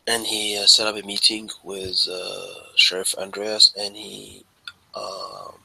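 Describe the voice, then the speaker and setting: A man playing in a tabletop role-playing game, halting and full of fillers. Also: on the low side, flat delivery, gravelly, pushed and bright, breathy edge, dry recording, rough recording. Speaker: player.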